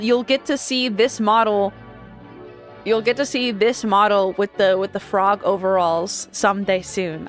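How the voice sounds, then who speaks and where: A woman's voice: medium pitch, a bit bright. A woman streamer chatting casually and rambling, often laughing between thoughts.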